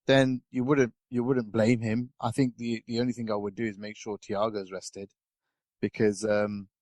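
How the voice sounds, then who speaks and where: A man talks in a relaxed, rambling way, full of ums and restarts. His voice sits fairly low, and the recording is dry and close with no room sound. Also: moderate pace, no room sound. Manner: rambling, chatty, lots of fillers and restarts. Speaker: guest pundit. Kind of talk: casual podcast chat.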